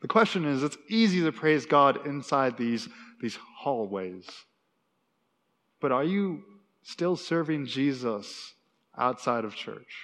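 A man preaching a sermon, animated and acting out quotes, with frequent restarts. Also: mid-range voice, slow pace. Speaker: pastor. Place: church sanctuary. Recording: long reverb in a hall.

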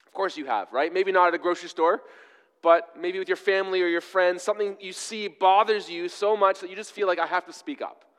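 Casual pastor in a reverberant hall. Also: male voice, high voice, steady tone, fairly quick, a bit bright, clean tone. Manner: conversational, self-deprecating storytelling with fillers. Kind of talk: sermon.

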